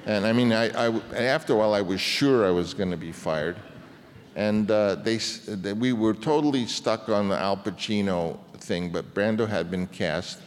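A man in his seventies tells a long anecdote as a guest on stage, rambling and restarting as he goes. His voice sits fairly low and trails into the long reverb of a hall. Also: normal speed. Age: 70s. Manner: rambling, with many restarts and fillers. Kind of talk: anecdotal storytelling in a public conversation.

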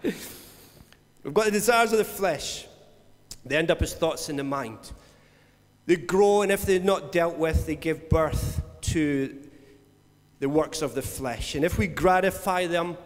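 Pastor preaching in a reverberant hall. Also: male voice, a little high, measured pace, long pauses. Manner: storytelling, acts out voices and laughs between lines. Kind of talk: conversational sermon.

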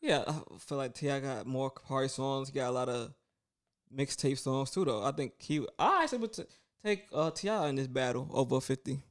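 A man co-hosting a casual chat, talking in an animated, blunt way and arguing his point. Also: mid-range voice, a little fast.

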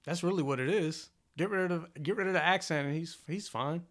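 A man's voice: fairly high pitch, brisk, a bit bright. A man chatting casually, rambling and restarting his sentences often. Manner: rambling, restarts, lots of fillers. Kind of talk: casual chat.

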